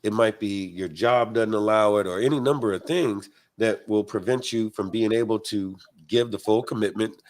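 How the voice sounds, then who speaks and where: A man's voice: lowish voice, moderate pace, hardly any pauses. A man from the United States hosting a biker livestream, chatting casually and reading viewer comments in a laid-back, slang-heavy way.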